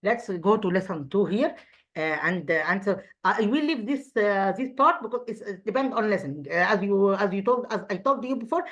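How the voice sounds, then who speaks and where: An Egyptian woman teaching English grammar over slides, her voice sitting at a middle pitch. She speaks English as a second language and often pauses with fillers and restarts her sentences. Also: expressive, lo-fi sound. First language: Arabic. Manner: hesitant, many fillers and restarts. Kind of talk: recorded online grammar lesson.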